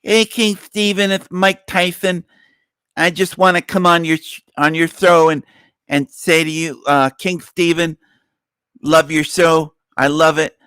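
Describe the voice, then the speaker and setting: A man putting on the voice of a brash, profane male boxer, talking in a rough, halting street slang. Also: fairly high pitch, fairly even intonation, bright, forceful tone, dry recording, voice pushed up. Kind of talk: comic impression on a call-in show.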